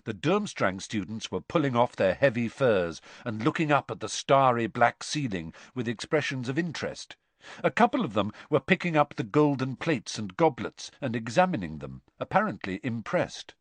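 Expressive male audiobook narrator. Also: mid-range voice, no room sound. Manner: expressive, measured storytelling. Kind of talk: scripted narration.

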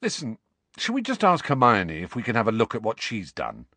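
A grumpy teenage boy who answers short and sulky, a little lower than the telling voice, as a male audiobook narrator does him. Close, dry storybook reading with lively inflection. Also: brisk, no room sound, exaggerated voice. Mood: weary. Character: grumpy, harried teenage schoolboy.

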